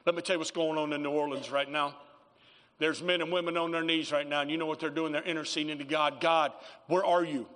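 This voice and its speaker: A man's voice: a little high, flat delivery, fast talker, fairly bright tone, long reverb tail. A man preaching a sermon as pastor in a church, emphatic, calling for amens from the congregation. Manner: emphatic preaching with call-and-response.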